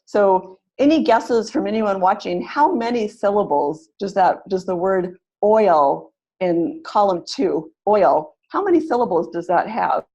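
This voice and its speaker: A woman leading an online teaching webinar, explaining pronunciation slowly and modeling words syllable by syllable. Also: mid-range voice, animated, darkish tone, dull audio.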